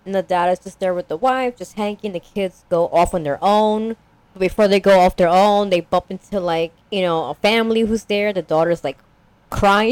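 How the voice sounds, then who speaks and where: A woman's voice: medium pitch, moderate pace, darkish tone, clear, resonant tone, dry recording. A young woman casually recapping a story as a podcast co-host, rambling with lots of "like" and acting out characters.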